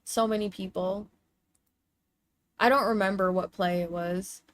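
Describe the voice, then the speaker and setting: A woman's voice: mid-range voice, steady tone, unhurried, no room sound. A woman streamer chatting casually while showing pictures, gushing and cooing in baby talk, with casual swearing.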